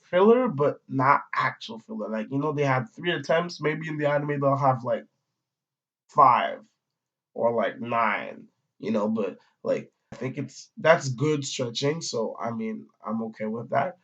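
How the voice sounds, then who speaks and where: A man's voice: mid-range voice, animated, measured pace, fairly bright tone. Rambling, slangy man on dull lo-fi audio. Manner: rambling, slangy, swears, many fillers. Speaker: manga reviewer. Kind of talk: casual review chat. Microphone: audio-only recording.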